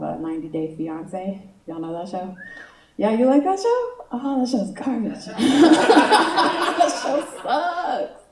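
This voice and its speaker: A woman's voice: lowish voice, darkish tone, a little hiss or hum. A woman doing a stand-up comedy set, chatty and self-mocking, full of "you know" asides. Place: comedy stage in a room. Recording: roomy sound from far off.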